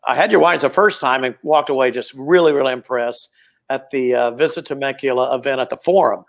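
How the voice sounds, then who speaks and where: A man's voice: medium pitch, fairly quick, gravelly. A man hosting a casual chat, rambling and friendly, full of compliments. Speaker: podcast host.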